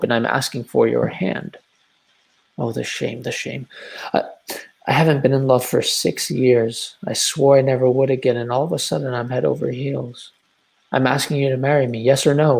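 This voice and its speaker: An actor reading a blustering lovesick landowner in a live video-call play reading, stammering through impassioned declarations. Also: male voice, mid-range voice, gravelly, a little mellow, natural voice.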